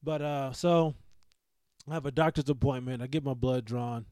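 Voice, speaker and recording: A man with a dark, mellow voice tells a long personal story in a loose, rambling podcast monologue. He swears freely and keeps restarting his sentences, and the recording is dry and close. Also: medium pitch, steady tone, normal speed, clear, resonant tone, no echo. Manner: rambling, profane, full of restarts. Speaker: podcast host.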